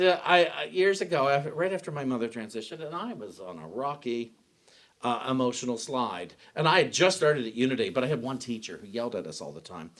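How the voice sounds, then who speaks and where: A man giving a sermon as pastor, talking in a personal, conversational way and often restarting his sentences. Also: on the high side. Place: church sanctuary.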